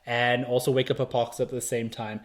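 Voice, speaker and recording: Speaking fast with a medium pitch and a level tone, this podcast host guides a casual movie review discussion. He leads the talk and keeps putting questions to his co-hosts.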